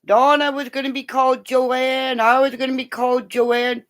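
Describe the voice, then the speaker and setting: A middle-aged woman chatting casually with her live viewers, excitable, gasping and laughing often. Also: high-pitched, normal speed. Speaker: livestream host. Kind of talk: casual live-chat stream.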